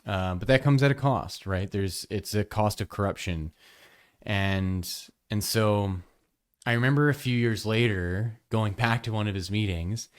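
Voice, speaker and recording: Smooth-voiced, frank male podcast host. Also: fairly low pitch. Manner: frank, conversational, emphatic storytelling. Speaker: yoga teacher and podcast host. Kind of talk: candid podcast monologue.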